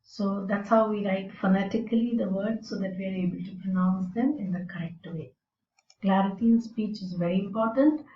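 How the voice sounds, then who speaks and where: A woman teaching English in a slow, deliberate lecture, explaining with fillers. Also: mid-range voice. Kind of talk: recorded lecture. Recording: roomy and distant, dull sound.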